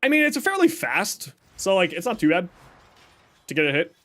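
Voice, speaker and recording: A man's voice: high-pitched, huge pitch swings, a little fast, a bit bright. A young man streaming a game, chatting casually with viewers, joking and explaining his build. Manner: chatty, jokey, reads chat aloud and explains builds. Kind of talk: casual live stream chat.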